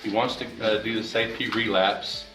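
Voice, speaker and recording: Halting male attorney in an echoey courtroom. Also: lowish voice, flat delivery, sharp tone, distant mic, faint music behind. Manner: halting, many fillers and restarts. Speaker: defense attorney. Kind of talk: courtroom argument.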